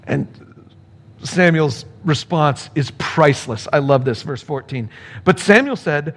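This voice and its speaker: A male pastor giving a sermon with scripture reading, playful and animated, acting out the characters. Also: fairly high pitch, measured pace.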